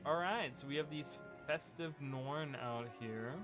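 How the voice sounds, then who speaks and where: A medium-pitched man speaking at a measured pace chats his way through a video game, rambling and restarting sentences again and again. He's a gaming video creator using a USB desk microphone, with game music behind him.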